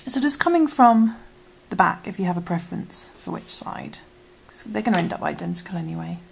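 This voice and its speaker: A woman gently talking a beginner through a crochet project, her voice slipping in and out of a whisper. Her tone has a gravelly edge and sounds a little worn out, with a faint hiss of noise underneath. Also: fairly low pitch, lively intonation, a little fast, rough recording. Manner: soft, half-whispered instructions while working. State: losing her voice. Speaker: crochet teacher. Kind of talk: step-by-step craft tutorial.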